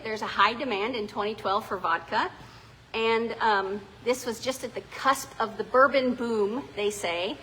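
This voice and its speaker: A woman's voice: fairly high pitch, measured pace, sharp tone, a little hiss or hum, low-quality recording. A middle-aged woman from South Africa, the owner of a winery and distillery, telling its story in a chatty, rambling way inside a small distillery. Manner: chatty, rambling, with frequent ums and restarts. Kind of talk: casual storytelling to visitors.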